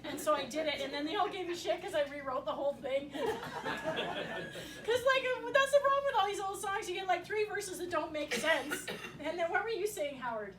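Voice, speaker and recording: A Canadian woman folk singer singing and chatting with her audience at a live cafe concert. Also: sits high. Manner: chatty, laughing, coaxing the audience to sing along. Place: small cafe venue with audience. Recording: roomy live recording from a distance, with crowd and music.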